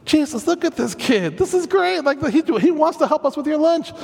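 An eager young male disciple gushes and stumbles over his words, as a preacher puts him on. The voice sits high. It rings out with a long hall reverb. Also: lively intonation, normal speed, vocal fry, exaggerated voice. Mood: excited.

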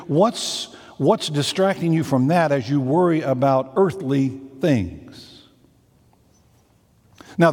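A man's voice: medium pitch, darkish tone, big-room sound. A man, a senior pastor preaching a conversational sermon full of repeated phrases and rhetorical questions.

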